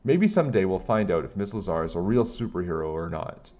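A man with a low voice reads a children's book aloud in plain, steady storytelling. His pitch moves in lively swings. The recording sounds dull and lo-fi. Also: a little fast.

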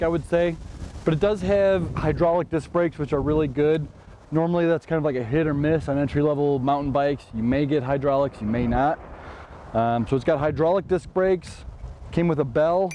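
Chatty, joking man with a mellow voice. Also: fairly high pitch, slight background noise. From Chicago. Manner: joking, chatty, playful asides. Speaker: e-bike builder and channel host. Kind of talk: casual product walkthrough vlog.

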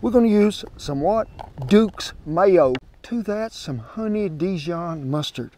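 A man's voice: high voice, lively intonation, takes it slowly, dark tone. A man with a Southern American accent hosting an outdoor cooking show, chatting in a homespun way to the folks watching. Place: outdoors at a smoker grill. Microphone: wireless clip-on mic.

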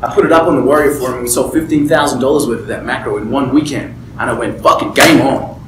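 A man's voice: mid-range voice, racing, roomy sound, noisy background. A man mentoring a small group, talking emphatically and candidly and often checking in with "right?". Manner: candid personal storytelling. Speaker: business mentor. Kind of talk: motivational talk to a small group. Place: room with a table and a small group.

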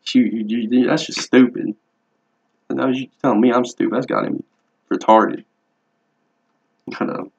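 A man's voice: medium pitch, moderate pace, creaky, pauses often, breathy edge. A young man, rambling and swearing bluntly through a casual vlog about his tattoos. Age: young adult. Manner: profane, rambling, laid-back and blunt. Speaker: vlogger. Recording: dull lo-fi home video audio.

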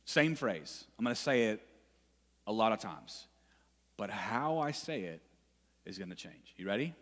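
A man's voice: fairly low pitch, sing-song, measured pace, pauses often, fairly bright tone. A male youth pastor preaching to students in a conversational way, often repeating himself and checking in with "right?". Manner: conversational, repeats phrases, frequent "right?" asides. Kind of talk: sermon to students. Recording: long reverb in a hall.

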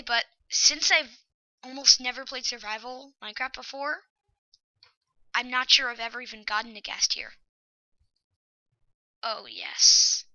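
Excitable woman with a bright, keen voice. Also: on the high side, no echo, lo-fi sound. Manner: excitable and anxious, often drops to a whisper. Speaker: let's play host. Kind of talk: gameplay commentary.

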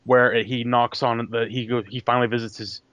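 Young man haltingly recalling a story. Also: medium pitch, flat delivery, a bit bright, dry recording. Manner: halting, searching for words. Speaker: podcast guest. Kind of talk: casual chat. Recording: dry, dull lo-fi sound.

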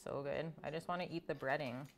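This woman hosts a live cooking stream from home, eating and talking casually while reading out what viewers comment. She speaks a little fast in a low voice with fairly even intonation.

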